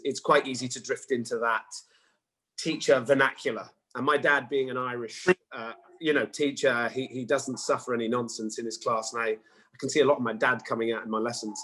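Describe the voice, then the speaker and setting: Fast and husky, with a slightly high voice, an English actor in his forties tells animated stories as a guest in a casual interview, acting out the quotes. The recording quality is rough.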